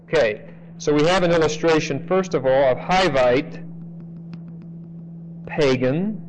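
A man teaching a sermon through a scripture passage in a conversational way. He often checks in with the audience and slows down to stress key phrases. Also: a little high, slight background noise, rough recording. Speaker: Bible teacher. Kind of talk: expository sermon.

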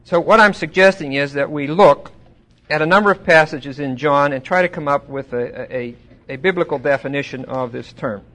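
A man teaching a Bible study in a conversational way, asking his listeners questions and getting louder when he quotes scripture. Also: a little high, moderate pace. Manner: asks the audience questions.

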